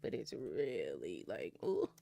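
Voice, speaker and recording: A woman's voice: extremely low pitch, sing-song, slow, vocal fry, warm tone, soft background music. A young adult woman vlogger chatting casually and laughing often while opening card packs.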